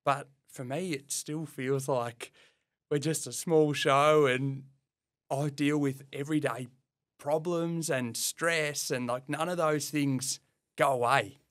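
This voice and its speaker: A man with an Australian accent in casual podcast chat, relaxed and self-deprecating, rambling with restarts. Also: fairly high pitch, slow, no room sound, studio quality. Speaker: podcast co-host, plumbing business owner.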